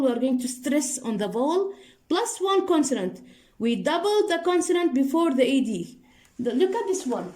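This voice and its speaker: High-voiced woman teaching grammar in an echoey room. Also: a little mellow. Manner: patient, repeats points and checks understanding with "okay?" and "deal?"; spells out letters one by one and restates rules slowly. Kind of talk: explaining grammar rules to students.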